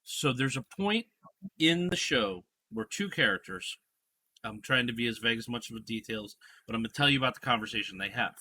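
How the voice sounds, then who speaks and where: A man's voice: medium pitch, lively intonation, fairly quick, bright, forceful tone, a little hiss or hum. A man hosting a casual podcast chat, retelling a TV scene in a rambling, storytelling way. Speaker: podcast host.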